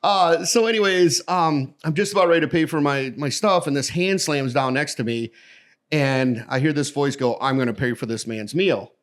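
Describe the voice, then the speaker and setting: Lively middle-aged storyteller man. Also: fairly high pitch, moderate pace. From American Midwest. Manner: animated storyteller who acts out the voices in his anecdotes. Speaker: podcast guest. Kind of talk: casual storytelling conversation.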